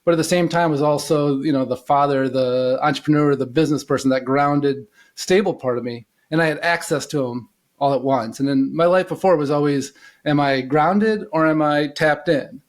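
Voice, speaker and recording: A man's voice: fairly high pitch, normal speed. Rambling middle-aged man telling a story. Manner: relaxed and rambling, many "you know" fillers. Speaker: podcast guest, intuitive coach. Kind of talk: casual storytelling in an interview.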